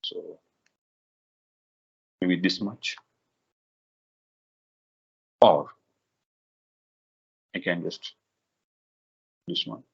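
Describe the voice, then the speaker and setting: A workshop instructor leads a live software tutorial in a low voice with vocal fry and a breathy edge. He speaks in halting bursts with many fillers, restarts and repeated "okay"s, and the recording is dull and lo-fi.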